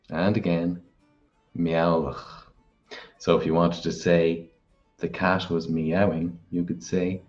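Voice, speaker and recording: A man hosting a language lesson, saying each word slowly and repeating it. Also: deep voice, a little mellow, dull audio. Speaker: language teacher.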